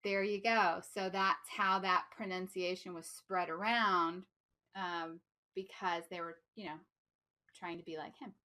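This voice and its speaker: A woman from the United States co-hosting a podcast, telling PR stories in lively casual chat and laughing easily. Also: lowish voice, a little slow. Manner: animated storyteller, laughs easily. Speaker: podcast co-host, PR professional.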